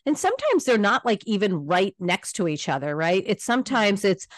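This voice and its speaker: A woman hosting a podcast, interviewing in a lively, chatty way with many affirmations and playful quoted voices. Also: medium pitch, moderate pace, no room sound, studio quality. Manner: animated, warm affirmations, acts out kids' voices. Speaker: podcast host. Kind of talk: casual interview chat.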